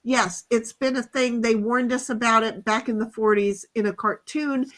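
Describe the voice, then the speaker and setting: A woman's voice: fairly high pitch, fairly even intonation, moderate pace, a bit bright. A woman co-hosting a casual livestream chat, ranting bluntly and swearing freely. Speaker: livestream co-host.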